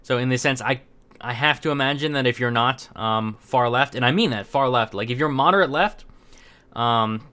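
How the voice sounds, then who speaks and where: A man's voice: mid-range voice, moderate pace, bright, forceful tone. A young man giving casual opinion commentary as host, rambling with many fillers and restarts.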